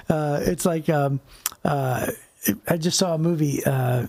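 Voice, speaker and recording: A man's voice: a little high, unhurried, gravelly, darkish tone. A middle-aged man co-hosting a faith podcast, talking in a loose, rambling way and acting out quotes. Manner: rambling, acts out quotes in little voices. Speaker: podcast co-host. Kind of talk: casual faith discussion.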